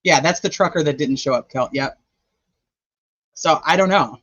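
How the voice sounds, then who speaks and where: This male true crime host rambles through his notes in a relaxed livestream, chatting and thinking aloud as he checks them. His somewhat high, slightly bright voice keeps a moderate pace, recorded with no room sound and a lo-fi quality.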